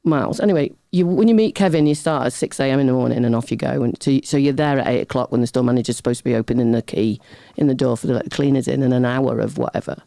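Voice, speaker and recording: A middle-aged woman, a guest on an interview show, telling lively, self-deprecating anecdotes in casual chat, often breaking into laughter. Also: extremely low pitch, quick pace, gravelly, hardly any pauses, no echo. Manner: chatty, animated anecdotes with laughter.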